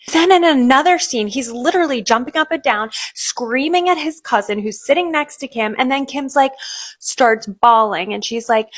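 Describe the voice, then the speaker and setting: A woman giving animated reaction commentary in an online video. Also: sits high, moderate pace. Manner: animated, acts out quoted people.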